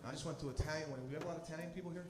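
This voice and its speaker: A man doing a stand-up comedy set, animated, shouting his punchlines and working the crowd. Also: fairly high pitch, rapid-fire. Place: live comedy stage before an audience. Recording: echoey venue with loud crowd noise.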